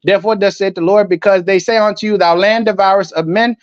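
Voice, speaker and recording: A preacher with a strikingly high male voice gives a fiery sermon, shifting from slow scripture reading to combative, profane commentary, his intonation fairly even. He sounds declamatory and defiant the whole way through. The audio is dull, muffled and lo-fi, but close and dry with almost no echo.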